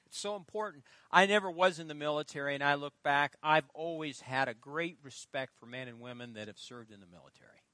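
Middle-aged male pastor, bright clear voice, dry close sound, storytelling sermon, punchy then hushed. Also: a little high, a little fast, no echo. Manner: storytelling, swings between loud emphasis and quiet asides. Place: church.

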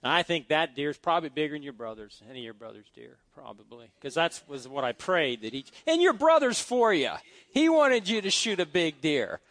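A man's voice: on the high side, very animated, brisk, fairly bright tone, no echo. A middle-aged man preaching a sermon as pastor, reading scripture aloud with exuberant emphasis and folksy asides.

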